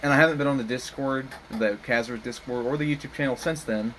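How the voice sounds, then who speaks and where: A man's voice: medium pitch, fast, fairly bright tone, a little hiss or hum, rough recording. A young man co-hosting a casual podcast, telling stories with a laugh and acting out quotes. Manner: laughs often, storytelling with put-on quotes. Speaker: podcast co-host. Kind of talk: casual chat.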